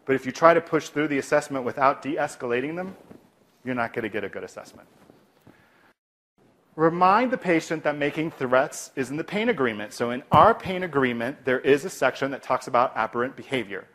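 A man instructs listeners on de-escalation as a clinician, speaking a bit fast in a mid-range voice. His delivery is spirited, often dipping into a calm, gentle register for acted-out replies.

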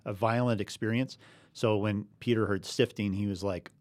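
A man with a lowish voice co-hosts a casual faith talk. He explains in an earnest way, with a chuckle here and there. The sound is dry and close. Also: fairly even intonation, normal speed, darkish tone, no room sound. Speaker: podcast co-host.

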